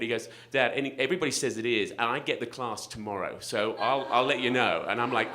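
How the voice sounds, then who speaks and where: A man's voice: mid-range voice, brisk, hardly any pauses, noisy background. A middle-aged man telling a comic personal story live at a story slam, self-mocking and laughing through his lines, on a stage microphone in a restaurant event space.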